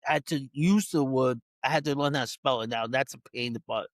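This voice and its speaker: A man with a New York accent chats as a guest, mid-range in pitch. He rambles and restarts and laughs easily. The sound is dry and close. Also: fairly quick, no echo. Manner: laughing, rambling, self-interrupting. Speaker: dog trainer, guest. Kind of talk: casual interview chat.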